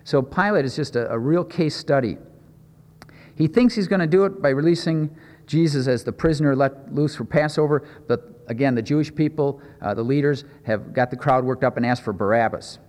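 A man's voice: mid-range voice, moderate pace, darkish tone, big-room sound. A man preaching in a conversational, explanatory way, asking the audience questions as he teaches a Bible passage.

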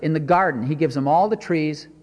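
A man's voice: a little high, fairly quick, darkish tone, big-room sound. A man preaching a sermon, stressing and repeating his points and asking rhetorical questions.

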